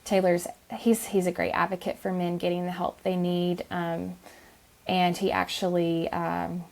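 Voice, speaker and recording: A woman in her thirties, a podcast guest speaking gently in conversation, with frequent ums and restarts. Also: fairly low pitch, completely flat delivery, unhurried, gravelly. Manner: soft-spoken, many ums and restarts. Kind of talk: conversational interview.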